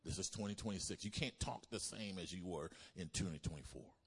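A pastor delivers a sermon in a fairly low voice. He calls on the congregation to answer back and often swells into loud, emphatic bursts. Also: a little fast, slightly rough. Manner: call-and-response preaching, rising to loud bursts.

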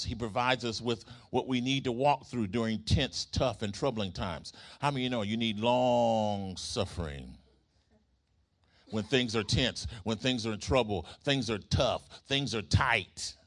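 A man preaches a sermon at a middle pitch, building his points through rhythmic repetition. He calls out to the congregation and waits for them to answer back. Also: unhurried, a bit bright. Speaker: pastor.

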